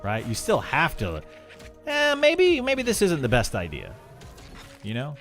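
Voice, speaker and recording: A man's voice: medium pitch, huge pitch swings, moderate pace, fairly bright tone, faint music behind. A man live-streaming and answering chat, frank and opinionated, often restarting his sentences when heated. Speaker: game streamer.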